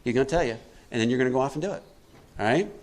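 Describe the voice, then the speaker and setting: A man giving a recovery workshop talk, asking his listeners questions and answering them himself, acting out quotes with big swings in pitch and loudness. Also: racing. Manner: preachy, asks the room questions and answers them; acts out quotes with animated swings in pitch and volume. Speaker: workshop speaker.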